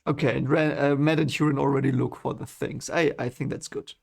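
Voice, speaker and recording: A man's voice: mid-range voice, fairly even intonation, a little fast, vocal fry. A man reading a novel for the first time and reacting in a chatty, casual way, laughing often. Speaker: book reader reacting to a novel.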